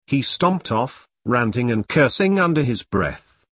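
A man reading a dark comic story aloud with dramatic storytelling. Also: mid-range voice, sing-song, a little slow, dry recording. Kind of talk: audiobook narration.

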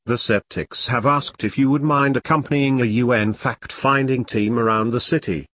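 A man's voice: medium pitch, fairly even intonation, normal speed, fairly bright tone, lightly acted. A man voicing an impatient British army major giving his troops curt orders. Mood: commanding. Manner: curt, commanding briefing tone. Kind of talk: audiobook character reading.

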